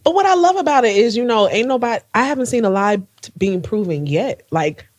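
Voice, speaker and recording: Lively, laughing woman co-host. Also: fairly high pitch, a little fast. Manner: laughs often, emphatic and lively. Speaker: podcast co-host. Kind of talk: casual chat.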